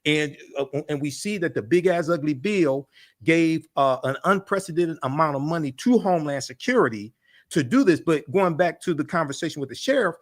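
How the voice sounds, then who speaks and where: Male panelist, slightly high pitch, forceful political commentary with frequent filler pauses. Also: animated.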